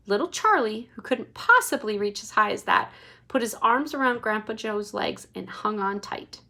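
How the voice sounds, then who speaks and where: A woman reading a children's chapter book aloud to her child, lively and expressive. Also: fairly high pitch, vocal fry. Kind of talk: bedtime read-aloud.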